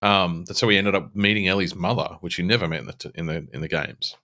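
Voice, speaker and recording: A man's voice: deep voice, fast talker, pushed and bright. An Australian man co-hosting a casual beer podcast, swearing freely and laughing often. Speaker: podcast co-host.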